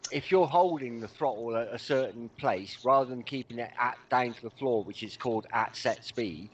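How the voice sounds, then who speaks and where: A man chatting casually while playing a flight game, joking in a dry, deadpan way. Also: mid-range voice, normal speed, muffled recording, a little hiss or hum. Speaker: co-host on a gaming stream. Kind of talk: casual gaming chat.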